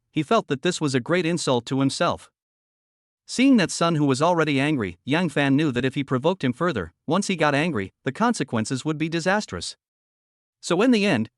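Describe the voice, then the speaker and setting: A man reading a translated novel aloud as a narrator, in a lively, evenly paced way. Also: a little high, normal speed, no echo, clean studio sound. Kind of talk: scripted audio novel narration.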